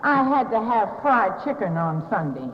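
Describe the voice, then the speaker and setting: A woman's voice: a little high, sing-song, unhurried, slight background noise. An older woman with a Southern US accent tells her recovery story to an audience with wry, self-mocking humor. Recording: dull echoey hall recording.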